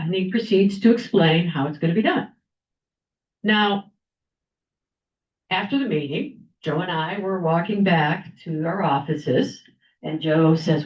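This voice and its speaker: Older woman, speech giver at a club meeting, lively storyteller, low-ish voice, dull lo-fi room recording. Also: moderate pace. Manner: animated storyteller, acts out quoted people. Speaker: club member giving a speech. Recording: echoey room, dull lo-fi sound.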